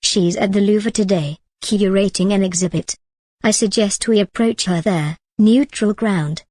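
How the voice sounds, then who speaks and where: A woman voicing a discreet French male investigator in his late fifties, speaking in a measured, matter-of-fact way. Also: mid-range voice, a little mellow, dry recording, natural voice.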